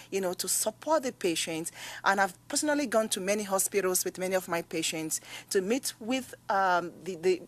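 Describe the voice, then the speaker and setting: A woman testifying as a patient advocate at a hearing, speaking earnestly and growing emphatic as she recounts stories. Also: medium pitch.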